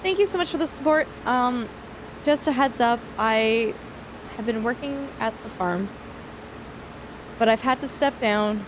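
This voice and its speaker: A young woman from Canada, a streamer chatting casually with viewers while playing a farming game, self-deprecating and quick to thank people. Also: a little high, noisy background. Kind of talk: casual livestream chat while gaming.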